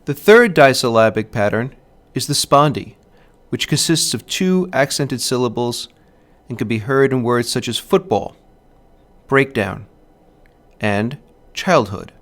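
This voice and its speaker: This teacher, a man with a medium-pitched, slightly bright voice, narrates a scripted literature lesson. He's clear and measured, voicing stress patterns as he proceeds.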